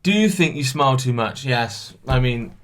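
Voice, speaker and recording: A man's voice: mid-range voice, expressive, normal speed, fairly bright tone. A young man hosting a solo podcast, chatty and self-mocking, telling stories with some swearing, alone in a room. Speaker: podcast host. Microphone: camera.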